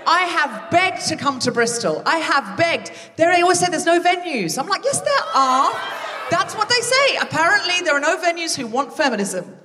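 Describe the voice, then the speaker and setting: A woman hosting a live comedy podcast, chatting and teasing the audience from a theatre stage with quick asides. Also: very high-pitched, lively intonation, a crowd in the background, noisy background. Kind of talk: live stand-up crowd work. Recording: live theatre recording with long reverb.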